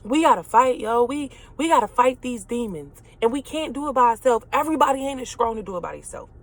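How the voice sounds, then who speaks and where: A woman's voice: a little high, expressive, fairly quick. A woman in her late twenties giving an emotional motivational talk, earnest and preachy, repeating phrases for emphasis. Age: late 20s.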